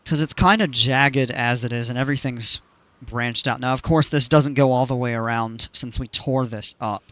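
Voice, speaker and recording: A man's voice: mid-range voice, steady tone, moderate pace, sharp tone, no echo, muffled recording. A man streaming a park-building game, thinking aloud casually with plenty of fillers and restarts. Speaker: gaming streamer. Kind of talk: casual gameplay commentary.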